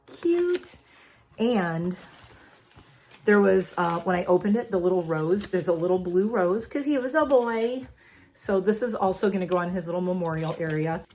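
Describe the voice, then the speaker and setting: A woman's voice: medium pitch, expressive, unhurried, a little mellow. A middle-aged woman vlogging in her kitchen to a phone camera, chatty and sentimental and laughing often. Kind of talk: casual chat to camera. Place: home kitchen.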